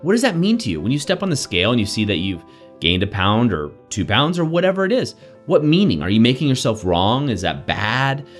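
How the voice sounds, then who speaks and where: A man hosting a daily self-help show, giving an energetic, conversational motivational talk with frequent "right?" asides. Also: mid-range voice, a little fast, faint music behind. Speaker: coach and show host.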